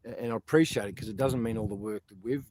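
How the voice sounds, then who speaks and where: A man's voice: on the low side, fast, darkish tone. An Australian man talking casually and earnestly to viewers, rambling and calling them mate often. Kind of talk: casual livestream talk.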